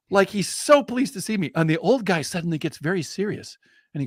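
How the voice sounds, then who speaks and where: An older man telling a story in a casual podcast chat, animated and acting out the people in it. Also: sits high, a little fast, no echo, studio quality. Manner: animated, acts out the people in his stories. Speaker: storyteller and co-host.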